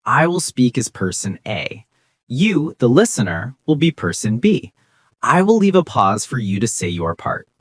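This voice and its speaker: A teacher gives a scripted beginner lesson in an encouraging tone. The pitch moves a lot, rising and falling. Example phrases are spoken slowly and clearly. The sound is dry and close, with no room echo. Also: sing-song. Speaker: English teacher.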